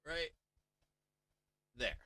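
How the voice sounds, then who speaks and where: A man's voice: drawn-out words, bright, forceful tone, no room sound. A middle-aged man hosting a stock market livestream, rambling casually with lots of swearing and "like" fillers. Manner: rambling and profane, heavy on "like" fillers.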